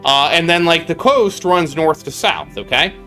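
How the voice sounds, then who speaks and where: A man streaming a game and telling a long rambling story, stopping now and then to answer his chat. His voice is bright and sits a little high for a man. Soft music plays behind him. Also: moderate pace. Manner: rambling storytelling, chatting with viewers mid-story. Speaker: gaming streamer. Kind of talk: casual live-stream chat.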